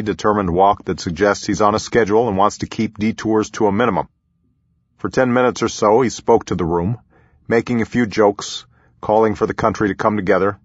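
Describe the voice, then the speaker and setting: Low, husky, reflective male narrator. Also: no room sound, highs cut off. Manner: measured, reflective, even storytelling. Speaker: narrator reading his own memoir. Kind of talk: audiobook memoir narration.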